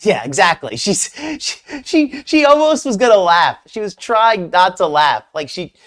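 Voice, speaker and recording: A man's voice: high voice, big pitch swings, a little slow, fairly bright tone. A man hosting a live stream, commenting casually on a clip in a rambling, hesitant way with many restarts. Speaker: streamer host reacting to a clip.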